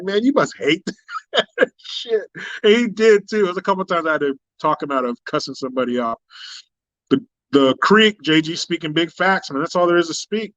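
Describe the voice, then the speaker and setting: A man's voice: on the high side, bright, forceful tone, dry recording, muffled recording. A man hosting a political commentary live stream, talking in a blunt, profane, combative way.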